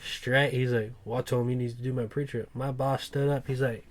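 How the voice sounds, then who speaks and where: A man's voice: medium pitch, fairly quick, few pauses. A man, a truck mechanic, telling a rambling work story in casual podcast chat, with plenty of swearing.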